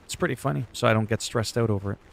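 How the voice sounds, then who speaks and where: A French-speaking Canadian man in his 40s streams games and chats casually, his gravelly voice on the low side and racing. He's blunt and profane, joking his way through the livestream.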